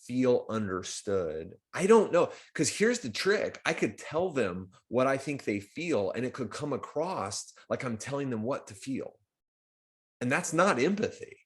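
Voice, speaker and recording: A man's voice: mid-range voice, unhurried. A man hosting a live community stream, talking casually with many restarts and sudden bursts of emphasis. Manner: conversational, repetitive restarts, animated swings in loudness. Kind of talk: casual livestream talk.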